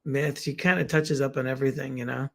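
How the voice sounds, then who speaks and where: A middle-aged man with a Bronx accent, co-hosting a casual chat from his living room, talking haltingly with many restarts. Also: medium pitch, level tone, creaky. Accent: Bronx, New York. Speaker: podcast co-host.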